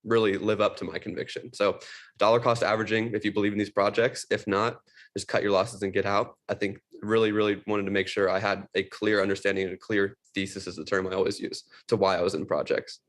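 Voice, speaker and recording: Fast-talking earnest man. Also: on the low side, level tone. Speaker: panelist. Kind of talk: virtual panel discussion.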